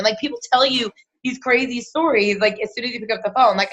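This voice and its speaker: A woman's voice: on the high side, quick pace, muffled recording. A woman hosting an unscripted live Q and A, chatty and full of fillers, acting out quoted conversations. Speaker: team leader hosting a live Q and A. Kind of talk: unscripted live coaching chat.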